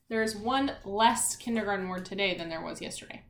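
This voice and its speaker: In an echoey room, a woman gives a remote lesson to small children in a steady, mid-range voice. She goes slowly and clearly, spelling words one letter at a time, sounding them out, and asking encouraging questions.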